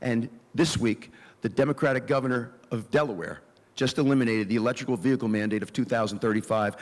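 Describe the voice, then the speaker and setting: Forceful male candidate in a reverberant hall. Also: medium pitch, fast. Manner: forceful, declarative, lists plans point by point. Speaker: political candidate. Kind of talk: campaign forum answers. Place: event hall.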